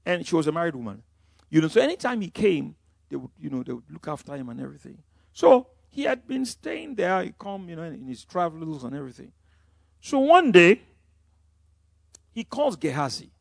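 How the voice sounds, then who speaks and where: A man preaching a sermon, swinging between loud emphatic lines and quiet asides. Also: on the high side, creaky, dry recording, clean studio sound. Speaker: pastor.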